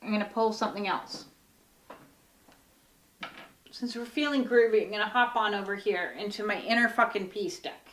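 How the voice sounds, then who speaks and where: A woman's voice: mid-range voice, moderate pace, long pauses, a bit bright, a little hiss or hum. A woman giving a casual, rambling oracle card reading, full of fillers and the odd swear word.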